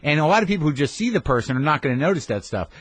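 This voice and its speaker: A man's voice: on the high side, big pitch swings, rapid-fire, a bit bright, no room sound. A man hosting a podcast in casual interview chat, reflective and swearing offhandedly, recorded in a garage studio. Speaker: podcast host.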